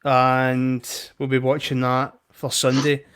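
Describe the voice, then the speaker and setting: A man's voice: medium pitch, monotone, slow pace, a bit bright, clear, resonant tone. A man with a Glaswegian accent, co-hosting a web show in casual banter and telling anecdotes with plenty of swearing. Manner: swearing, chatty storyteller.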